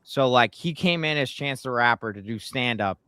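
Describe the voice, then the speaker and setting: A man chatting casually as a guest, telling animated stories and acting out quotes, swearing when he gets worked up. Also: mid-range voice, moderate pace, clean tone, dry recording. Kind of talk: casual chat, storytelling.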